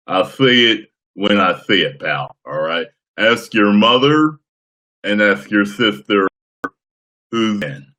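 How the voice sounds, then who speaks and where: A man hosting a casual live stream, chatting with viewers in a playful, boastful way and breaking into loud whoops. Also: lowish voice, lively intonation, slow pace.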